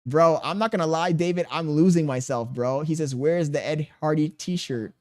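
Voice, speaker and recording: A man's voice: a little high, normal speed. A man in his thirties streaming live, reading viewers' chat aloud and answering with crude jokes and laughter. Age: 30s.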